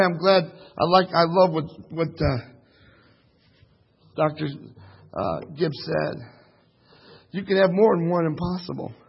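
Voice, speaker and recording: A man preaching a sermon with great passion, shouting at the peaks of his story and dropping to a hushed tone in between. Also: on the high side, vocal fry, slightly rough, highs cut off.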